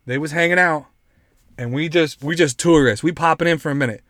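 Man, podcast host, casual, profane, joking, somewhat high voice, dry sound. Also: brisk, a bit bright, no echo. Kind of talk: casual podcast chat, reading news aloud.

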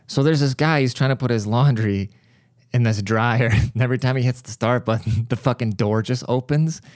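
A man's voice: medium pitch, moderate pace, a little mellow, dry recording, clean studio sound. Rambling, profane man podcasting. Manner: rambling, profane, jokey storyteller. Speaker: podcast host. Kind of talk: casual solo podcast monologue. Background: cat crying at times.

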